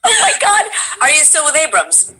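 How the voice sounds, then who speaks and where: Bright, excited woman host. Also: high voice, normal speed, faint music behind, poor audio. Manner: enthusiastic, exclamatory. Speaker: interviewer. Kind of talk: casual livestream chat.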